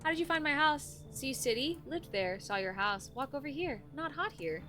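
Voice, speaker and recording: A woman's voice: high voice, normal speed, soft background music. A woman voicing a creepy, menacing visitor who speaks in short, broken phrases. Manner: broken clipped English, short flat phrases.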